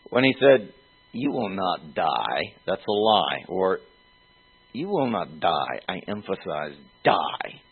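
A man preaching an expository sermon, teaching slowly and deliberately with pauses and fillers. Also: on the low side, slightly rough. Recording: tinny phone-like sound.

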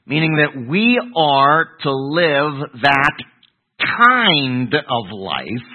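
Over a tinny, phone-like radio broadcast, an older male pastor teaches a Bible sermon in a very slow, medium-pitched voice with big pitch swings. He poses questions to the congregation and answers them himself.

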